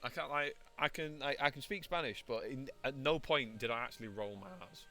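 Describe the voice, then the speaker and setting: A man's voice: medium pitch, fairly quick, sharp tone, soft background music. A man streaming a courtroom video game, reading lines aloud and joking around in casual commentary. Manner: reads game dialogue aloud and jokes. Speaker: VTuber streamer. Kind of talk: casual let's-play commentary.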